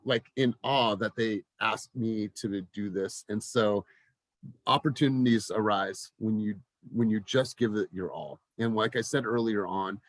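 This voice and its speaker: Speaking in a mid-range voice, this forties-aged coach of a real estate team fires up his group with an energetic pep talk. He often circles back on words and starts sentences over, and there's no room sound at all.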